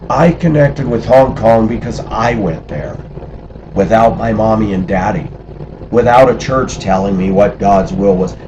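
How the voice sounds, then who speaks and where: Speaking a little slowly in a lowish voice, a middle-aged man tells casual stories about living abroad; the highs are cut off and the background is noisy. He animatedly acts out the voices of the people he quotes.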